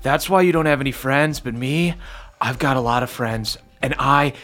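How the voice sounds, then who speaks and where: Man doing a condescending bear prince, slangy surfer-dude drawl, bright voice, for a tabletop game. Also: mid-range voice, moderate pace, close to an everyday voice. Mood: smug. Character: laid-back smug male bear prince, surfer-dude talk.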